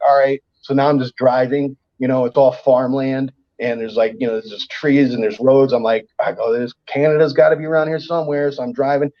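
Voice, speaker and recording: Profane man telling animated road stories. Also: mid-range voice, dull audio. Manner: profane, animated, acts out voices in his stories. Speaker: comedian guest. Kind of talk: casual storytelling.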